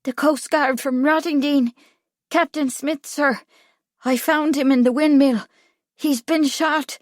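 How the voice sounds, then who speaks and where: A woman voicing a frightened young boy who speaks in a halting, breathless way in an audiobook. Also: sits high, fairly even intonation, no echo, studio quality, pitched above the performer's own voice. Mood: anxious. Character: Irish boy, young, frightened but brave.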